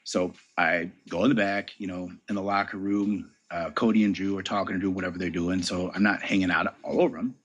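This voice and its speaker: Husky-voiced man telling a story. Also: deep voice, level tone, fairly quick, hardly any pauses, muffled recording. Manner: easygoing storyteller who acts out dialogue. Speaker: interview guest recounting a story. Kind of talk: casual anecdote.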